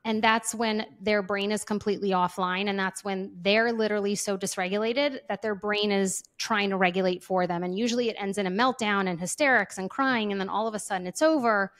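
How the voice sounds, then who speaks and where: A woman gives parenting advice in a relaxed, conversational way. She slips into voices to act out children and parents. Her voice sits at an ordinary middle pitch. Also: brisk, hardly any pauses. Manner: animated, acts out kids' and parents' voices. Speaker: parenting guest.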